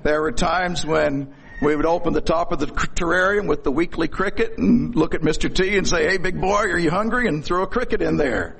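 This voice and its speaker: A man's voice: a little high, fairly quick, gravelly, a bit bright, a little hiss or hum. A middle-aged man preaching a sermon in a folksy, storytelling way, with corny jokes.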